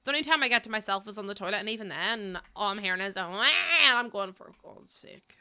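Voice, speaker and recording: A woman's voice: mid-range voice, animated, quick pace, bright, forceful tone, smooth. A young woman with a Northern Irish accent, chatting casually and telling funny stories while streaming a building game, swearing and laughing often. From Northern Ireland.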